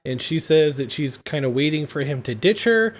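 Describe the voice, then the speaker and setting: A man's voice: on the high side, lively intonation, normal speed. A man hosting a casual podcast, retelling a comedy film scene by scene and laughing often. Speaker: podcast host.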